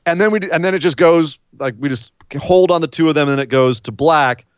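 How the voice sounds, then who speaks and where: A man hosting a casual podcast chat, animated and sarcastic. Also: a little high, fairly quick, clear, resonant tone, dry recording. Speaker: podcast host. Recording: slightly dull lo-fi sound.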